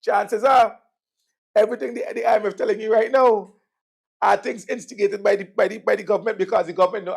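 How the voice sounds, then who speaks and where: Sardonic Vincentian talk show host. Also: male voice, high voice, steady tone, fast talker, creaky, breathy edge. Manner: sardonic, conversational, swings between loud and murmured. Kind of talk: political commentary.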